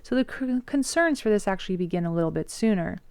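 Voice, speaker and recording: Woman teacher giving a chatty slangy history lesson, smooth clear voice, dry close sound. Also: medium pitch, animated, fast, darkish tone, no room sound. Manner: chatty, breezy, slangy storytelling. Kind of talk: casual history lecture.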